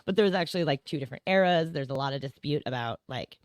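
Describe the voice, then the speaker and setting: A woman's voice: low-pitched, lively intonation, fast, no room sound, studio quality. A woman as a podcast guest in casual chat, rambling with many "like"s and tag questions and laughing often.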